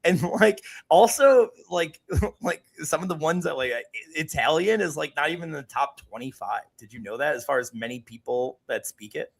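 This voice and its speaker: A man's voice: on the high side, expressive, creaky, breathy edge. A man co-hosting a podcast in casual chat, joking and laughing often, sick with a cough. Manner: jokey, quick to laugh, repeats himself. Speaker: podcast co-host.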